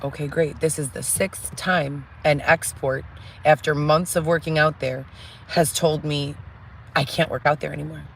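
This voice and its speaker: A woman's voice: deep voice, fairly even intonation, normal speed, vocal fry, a little hiss or hum. A woman in a candid vlog monologue, talking bluntly and emphatically, swearing often, rambling from point to point and piling up lists. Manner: rambling, piles up lists and restarts. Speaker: vlogger telling personal stories.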